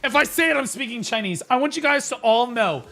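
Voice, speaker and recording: Excitable man with a bright voice. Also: extremely high pitch, brisk, faint music behind. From United States. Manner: rambling, excitable, full of restarts and sudden shouting bursts. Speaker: streamer. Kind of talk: casual live-stream chat.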